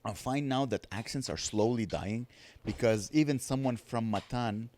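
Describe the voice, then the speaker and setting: A male podcast host, chatty and eager, laughing along with his guest. His voice is mid-pitched and recorded close and dry. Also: a little mellow, no echo. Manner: eager, quick to laugh, agreeable. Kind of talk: casual podcast chat.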